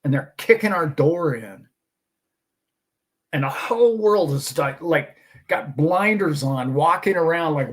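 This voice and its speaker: A man's voice: on the high side, animated, a little slow. Emphatic man preaching optimism. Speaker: host. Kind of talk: casual monologue.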